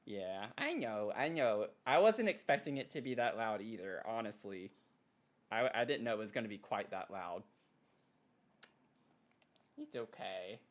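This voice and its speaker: A man streaming casually at his desk mic, excitable and giggly, cooing softly to his pet between thanks to viewers. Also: lowish voice, normal speed, long pauses. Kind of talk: casual live-stream chat. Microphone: desk microphone.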